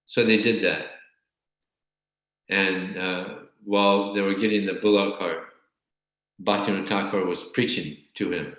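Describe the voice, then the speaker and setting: A man teaching a scripture class and telling a story in a halting way, often repeating words. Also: sits low, fairly even intonation, a bit bright, dull audio. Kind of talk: storytelling religious lecture. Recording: very echoey room.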